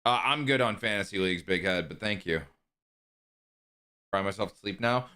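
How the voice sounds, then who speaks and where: A man's voice: fairly low pitch, normal speed, pauses often, bright, forceful tone, no room sound, studio quality. A man streaming a video game, chatting casually and joking with his chat. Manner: joking banter with chat, running bits.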